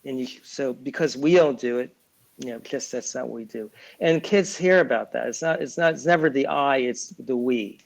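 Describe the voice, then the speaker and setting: A man's voice: mid-range voice, moderate pace, creaky, rough recording. A man guest on an interview podcast, talking casually with many fillers and restarts. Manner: acts out quotes in other voices. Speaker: guest, lawyer and children's author.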